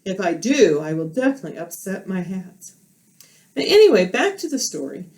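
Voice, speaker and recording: A woman teacher telling a children's story at home and explaining it while she acts it out, recorded on a camera. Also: on the low side. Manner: slow, animated, teacherly explaining. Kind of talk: storytelling role play for children.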